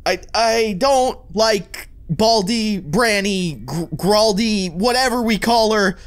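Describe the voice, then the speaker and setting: A gaming YouTuber giving let's play commentary with animated, playfully dramatic reactions. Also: medium pitch, slow pace.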